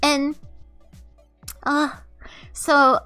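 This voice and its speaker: A woman's voice: sits high, flat delivery, drawn-out words, pushed and bright, soft background music. A young woman streamer telling a rambling, profane story in an exasperated, casual way, often laughing. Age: young adult.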